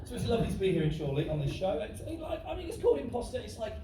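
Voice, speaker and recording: Young man, stand-up comedian, cheeky teasing banter, high lively voice, echoey theatre, distant mic, crowd. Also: racing, very noisy. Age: 20s. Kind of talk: live stand-up set with crowd work. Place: large theatre. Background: audience laughter.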